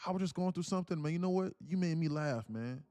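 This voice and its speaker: A man's voice: fairly high pitch, animated, quick pace, mellow, no room sound. Earnest man hyping his stream chat. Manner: earnest, repetitive, calls listeners "man" and "bro"; reads chat aloud. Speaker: livestream trading host. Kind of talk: casual motivational livestream talk.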